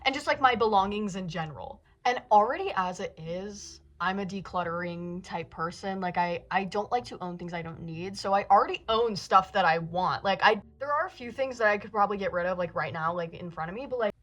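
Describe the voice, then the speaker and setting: A woman's voice: mid-range voice, brisk, hardly any pauses, fairly bright tone. A young woman in her late teens talking to camera in a casual vlog, anxious and rambling, swearing often. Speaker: book vlogger.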